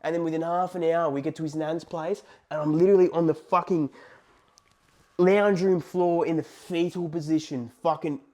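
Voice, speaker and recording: A young man tells a story to camera in casual, profane talk, swinging from loud outbursts to hushed asides. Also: a little high, fairly even intonation, moderate pace. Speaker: vlogger.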